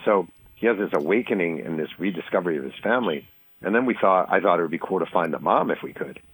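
A deep-voiced man from New York races through a story as an interview guest, slipping into the voices of the people he describes. His voice has a husky edge, and it comes across with a radio broadcast sound. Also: rough recording. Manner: fast, animated storytelling, acting out quoted voices. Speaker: author and guest.

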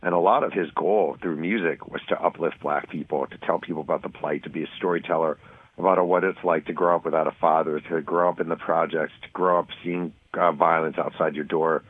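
Fast-talking deep-voiced man telling a story. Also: husky, poor audio. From New York. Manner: fast, animated storytelling, acting out quoted voices. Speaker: author and guest. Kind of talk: storytelling in an interview.

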